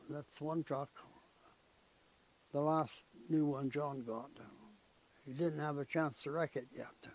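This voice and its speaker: An older man recounts family stories at an unhurried, slow pace. His voice sits a bit high for a man. He talks in a rambling, folksy way and keeps tagging his sentences with "eh?". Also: a little mellow, poor audio. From Canada. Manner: rambling, folksy storytelling with frequent "eh?" tag questions. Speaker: interviewee. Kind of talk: storytelling in conversation.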